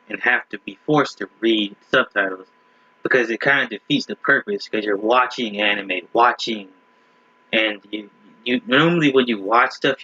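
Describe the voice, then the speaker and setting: With a lowish, sharp voice carrying a breathy edge, a man hosts a casual reaction video. He rambles and restarts his sentences often, laughing at the clips, in a slightly muffled home recording.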